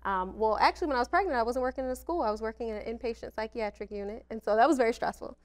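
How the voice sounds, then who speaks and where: A woman's voice: on the high side, racing. Candid woman in her thirties. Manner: candid, reflective, laughs at herself. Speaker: social worker guest. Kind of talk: personal interview talk.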